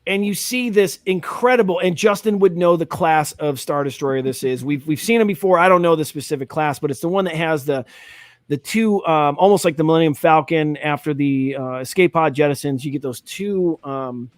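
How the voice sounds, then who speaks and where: Man, host, casual reaction chat, higher voice, dry close sound, rambling, excited. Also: normal speed, dry recording. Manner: rambling, enthusiastic, many fillers and restarts.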